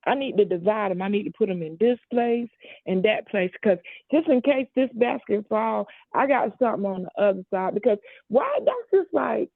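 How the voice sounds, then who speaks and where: A woman's voice: medium pitch, animated, normal speed, creaky, no echo, narrow, tinny audio. A woman on a discussion panel, arguing emphatically and talking over the others. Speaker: panel guest.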